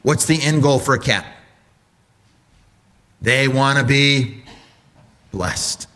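A man preaching a sermon, asking the congregation rhetorical questions and swinging between loud enthusiasm and low, earnest tones. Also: takes it slowly.

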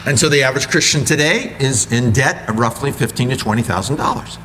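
A man preaching a sermon with animated storytelling, acting out voices. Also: mid-range voice, quick pace, heavy background noise.

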